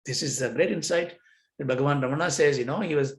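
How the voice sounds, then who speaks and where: A man's voice: on the high side, fast talker. Man teaching in an echoey room. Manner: plays out dialogues with himself in questions and answers. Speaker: yoga philosophy teacher. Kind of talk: lecture on scripture. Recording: roomy echo.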